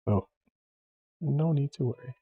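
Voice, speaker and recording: A man's voice: medium pitch, a little slow, slightly rough, narrow, tinny audio. A man hosting a live drawing stream, chatting casually and telling a rambling story full of fillers and restarts. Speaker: livestream host. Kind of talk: casual chat while drawing.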